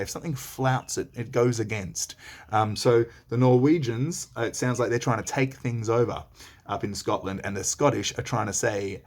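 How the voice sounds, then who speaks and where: A man's voice: medium pitch, moderate pace. A man teaching a read-along lesson, reading lines aloud and explaining them in a chatty, slangy way.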